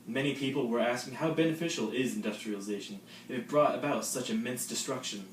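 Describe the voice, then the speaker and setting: A man's voice: mid-range voice, quick pace. A teenage boy narrating a school history project with dry, joking asides. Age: late teens. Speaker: student presenter. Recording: roomy, distant mic, faint noise.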